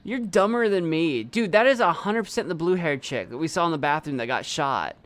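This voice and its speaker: Excitable man with a wildly lively voice. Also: fairly quick, no echo. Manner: excitable, incredulous, jumps into loud high exclamations. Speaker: streamer. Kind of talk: let's play commentary.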